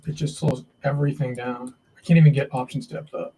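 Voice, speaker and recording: A man's voice: medium pitch, fairly even intonation, fairly quick, gravelly, noisy background. A man hosting a live day trading stream, talking to himself and viewers as he trades, often frustrated and swearing.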